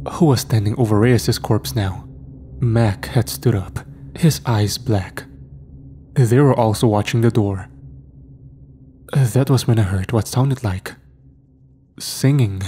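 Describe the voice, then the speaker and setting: Dark-voiced man narrating horror. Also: fairly low pitch, a little hiss or hum. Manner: steady, grim storytelling. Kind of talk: scripted first-person narration.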